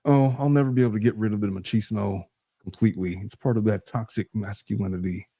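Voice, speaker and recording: A man's voice: lowish voice, fairly even intonation, fast, dark tone, dry recording. A man in his forties, a lawyer guest, talking in a blunt, wry, philosophizing way during a casual chat.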